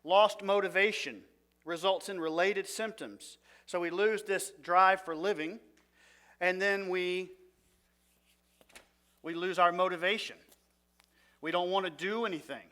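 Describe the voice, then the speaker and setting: A man's voice: high-pitched, unhurried, pauses often, bright, forceful tone. Man teaching a seminary class. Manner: conversational, asks the audience questions. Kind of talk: seminary lecture.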